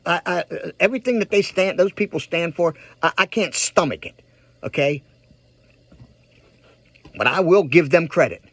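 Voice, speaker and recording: Guy ranting at the camera, husky voice, dry close sound, keeps repeating himself. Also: high voice, no echo. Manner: heated, repetitive, emphatic, addresses viewers directly. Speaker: political vlogger. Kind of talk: ranting direct-to-camera commentary.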